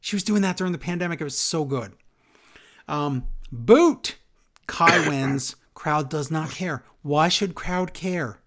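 A man's voice: a little high, normal speed, few pauses, bright, forceful tone. A man co-hosting a podcast, ranting sarcastically in a casual wrestling recap. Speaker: podcast co-host.

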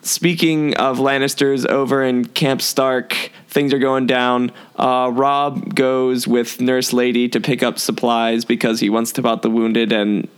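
A young man co-hosts a podcast in a loose, rambling way. He laughs often and drifts between asides, at an everyday pitch for a man. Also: little pitch movement, unhurried, few pauses, clear, resonant tone. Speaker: podcast co-host. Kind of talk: casual recap chat.

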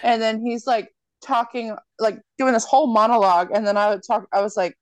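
A woman's voice: a little high, fairly quick, no room sound. A woman in casual chat, recapping a film plot with lots of swearing and acted-out quotes. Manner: profane, animated storytelling with quoted voices. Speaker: podcast co-host recapping a film.

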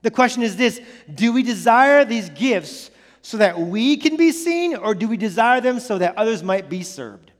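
A man's voice: high voice, lively intonation, normal speed, long reverb tail. A man preaching a sermon as pastor, earnest and emphatic, repeating key phrases and restarting sentences often.

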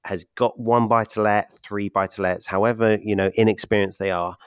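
A man hosts a podcast with a lowish voice, upbeat and quick to laugh. He works through numbers step by step in a casual, encouraging way. The sound is dry and close. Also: steady tone, clean tone, no room sound. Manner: upbeat, laughs often, explains figures step by step. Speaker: podcast host and property investment mentor.

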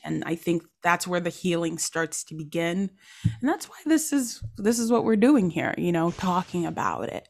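A woman podcast host who grew up in Nigeria speaks in a somewhat low voice. She chats in a casual, expressive way and punctuates her guest's points with emphatic exclamations. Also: moderate pace, creaky. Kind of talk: casual conversational interview.

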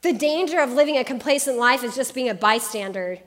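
A woman in her thirties preaching a sermon, telling a personal story with lively, animated quoted voices. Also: on the high side, fairly quick. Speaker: pastor.

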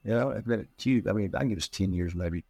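A man's voice: on the low side, quick pace, gravelly, breathy edge. A middle-aged man, a guest in an interview, telling a long anecdote and acting out the dialogue, with frequent restarts and repeated words. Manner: animated storyteller who acts out quoted dialogue. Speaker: interview guest, practice management consultant. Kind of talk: storytelling in a podcast interview.

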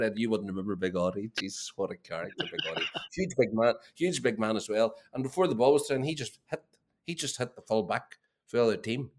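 A middle-aged man tells an animated, swearing story as a guest in a casual chat. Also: medium pitch. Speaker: guest, former player.

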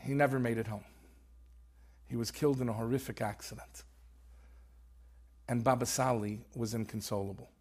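A man's voice: medium pitch, steady tone, normal speed, long pauses, a little mellow, breathy edge. A man, an author and rabbi, telling a story earnestly in conversation and peppering it with Hebrew terms. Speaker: author guest.

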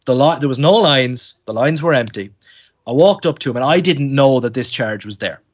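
A man's voice: medium pitch, normal speed. A man telling a casual anecdote on a podcast, acting out quoted voices with stammers. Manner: animated storyteller, acts out quoted voices, stammers. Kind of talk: casual storytelling chat. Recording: dull lo-fi sound.

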